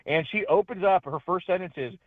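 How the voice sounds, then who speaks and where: A man's voice: high voice, brisk, dry recording. Chatty man on a tinny phone line. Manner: chatty and animated, laughs often. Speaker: guest, independent journalist. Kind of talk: casual phone interview.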